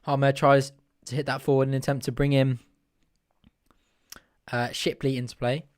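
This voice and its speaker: A young man hosting a live fan watch-along, giving chatty, partisan play-by-play that bursts into excited shouting at chances. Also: medium pitch, normal speed, no room sound, clean studio sound.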